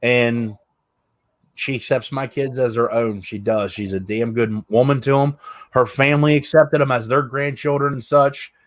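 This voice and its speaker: A man's voice: mid-range voice, steady tone, normal speed. Earnest, candid male podcast host. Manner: candid, earnest, swears freely. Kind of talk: casual chat.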